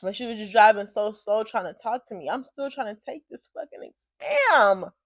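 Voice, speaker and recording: A woman vlogger telling a story casually, with animated, profanity-heavy, exasperated delivery. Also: on the high side, normal speed, no echo.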